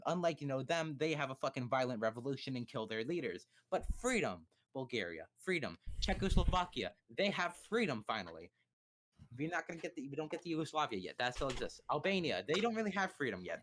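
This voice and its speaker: A young man streaming live, rambling through a casual history lesson with swearing, jokes and quick mock voices. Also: mid-range voice, a bit bright, a little hiss or hum.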